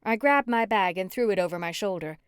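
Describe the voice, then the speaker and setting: A woman narrating a cozy mystery audiobook in first person, with an even storytelling delivery. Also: mid-range voice, brisk, clean tone, dry recording, studio quality.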